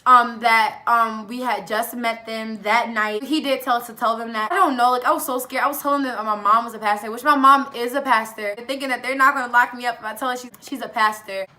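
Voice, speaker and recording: A teenage girl telling a casual storytime vlog, animated, acting out quoted lines between fillers. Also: a little high, a little fast, few pauses. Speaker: vlogger.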